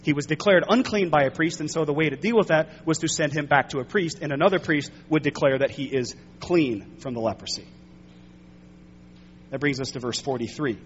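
A man preaching a sermon with emphatic, rising stress, often slowing and pressing on key words. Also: fairly high pitch, dull audio, a little hiss or hum. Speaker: pastor.

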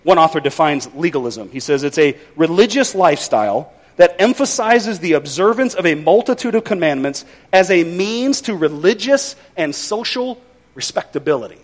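Lively high-voiced male preacher. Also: normal speed. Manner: conversational, folksy with wry humor. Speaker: pastor. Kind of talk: sermon.

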